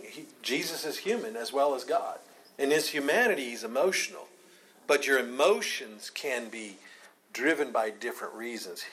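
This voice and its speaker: A man's voice: medium pitch, poor audio. A man teaching a Bible study class, earnest and emphatic, taking questions from the group.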